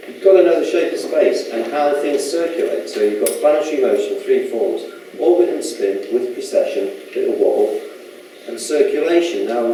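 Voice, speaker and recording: A man's voice: medium pitch, mellow. Rambling man lecturing in an echoey hall. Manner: rambling, chatty, asks the audience questions. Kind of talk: casual public talk. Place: lecture room. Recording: echoey hall from far off with faint noise.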